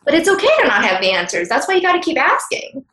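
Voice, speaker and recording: A woman's voice: high-pitched, big pitch swings, fast, sharp tone. Woman guest, earnest and open, talks in a casual, candid way; roomy echo on the voice. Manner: earnest and open, with frequent "like" fillers. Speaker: podcast guest. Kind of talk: candid conversational interview.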